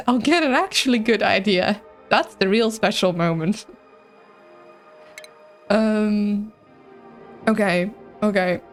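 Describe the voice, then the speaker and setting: A woman streaming a video game live, chatting in an excitable, rambling way with a mixed accent that is hard to place. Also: medium pitch. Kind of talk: live gameplay commentary, reading chat.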